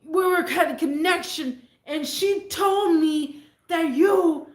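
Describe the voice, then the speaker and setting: A woman putting on the voice of a drunk, furious man who rambles, shouts and pleads. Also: high voice, a little slow, reverberant. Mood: ranting. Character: drunk furious man ranting at his family.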